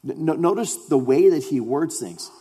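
A man's voice: a little high, animated, moderate pace. Preacher man in an echoing hall. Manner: impassioned, rising to loud emphatic stretches, then dropping quiet. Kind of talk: sermon. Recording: long hall reverb.

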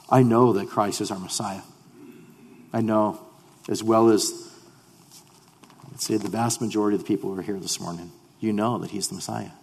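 A man preaching a sermon as pastor. He drops to hushed tones, then rises to loud, fervent declarations. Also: fairly low pitch, slightly rough, big-room sound.

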